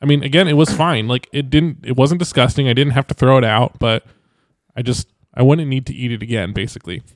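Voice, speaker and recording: Man, podcast co-host, casual rambling chat, middle pitch, dry close sound. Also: brisk, no room sound. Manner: rambling, hedging with fillers.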